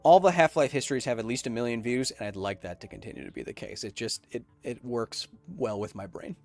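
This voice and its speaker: A man's voice: mid-range voice, brisk, a little mellow. Young male streamer host, rambly and wired, chatting with viewers over faint music. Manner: rambling, self-described super caffeinated. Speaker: podcast host reading chat. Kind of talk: casual livestream chat.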